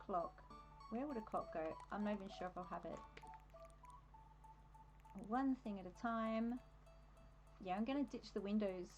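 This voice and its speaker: An Australian woman chats her way through a live game stream, wandering off topic and amused at herself. Her voice sits in a middle pitch. Faint game music plays under her voice. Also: normal speed, pauses often, darkish tone, lo-fi sound. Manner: chatty, easily sidetracked, self-amused. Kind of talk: casual live-stream chat while decorating in a game.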